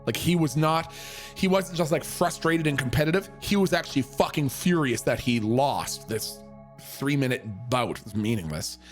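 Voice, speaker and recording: A young man from Canada telling a story casually, profane and animated, with many fillers. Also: medium pitch, moderate pace, soft background music. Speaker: streamer.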